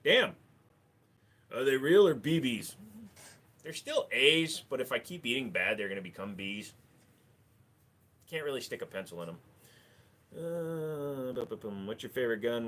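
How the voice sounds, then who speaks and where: A man's voice: medium pitch, lively intonation, a little fast, fairly bright tone. A man hosting a live stream, answering viewer questions with dry jokes. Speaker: livestream host. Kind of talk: casual live Q&A chat.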